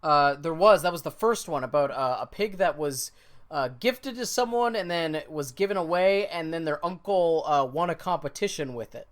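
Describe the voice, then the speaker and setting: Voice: medium pitch, animated, moderate pace. Enthusiastic podcast co-host. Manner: enthusiastic, laughs while talking. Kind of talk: casual chat.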